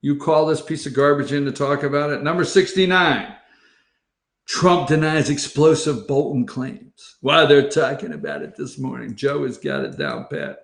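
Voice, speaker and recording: A man hosting a political commentary monologue, sarcastic and rambling with quick asides. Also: mid-range voice, expressive, creaky, fairly bright tone, roomy sound. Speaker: host.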